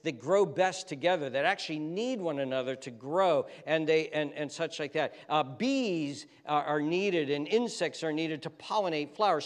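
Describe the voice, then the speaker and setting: A man preaching a sermon as pastor, explaining words by spelling them out letter by letter and building up to fervent emphasis. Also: on the high side. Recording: reverberant hall.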